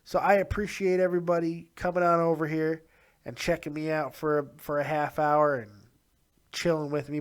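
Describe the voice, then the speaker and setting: A man's voice: on the high side, smooth. A man hosting a casual solo commentary show, rambling, swearing and frustrated, saying he is exhausted. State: tired. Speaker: podcast host.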